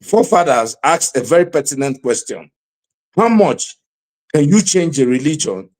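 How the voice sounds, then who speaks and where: A man hosting a panel debate, speaking haltingly with many fillers before arguing firmly. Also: on the high side, big pitch swings. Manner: halting, many fillers, then forceful argument. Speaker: talk show host.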